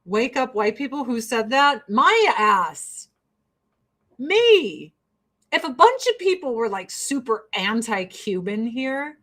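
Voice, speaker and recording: A woman's voice: fairly high pitch, big pitch swings, slow pace, a bit bright. A woman doing her makeup while ranting in a blunt, profane, fired-up way. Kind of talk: casual get-ready-with-me rant.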